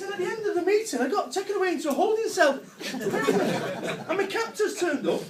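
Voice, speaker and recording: Above a noisy crowd, a Salford man with a Manchester accent gives a brash, jokey comic motivational talk as a business speaker, swearing and laughing before a live audience. His very high voice swings widely in pitch, moving fairly quickly with few pauses.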